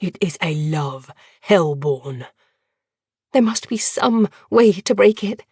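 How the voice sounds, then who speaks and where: A woman's voice: fairly low pitch, animated, a little mellow, slightly rough, dry recording, clean studio sound, heavily acted. A woman doing a wounded, stammering young captain. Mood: grave. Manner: halting, trembling, stammering delivery. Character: wounded young male captain, tender and grave.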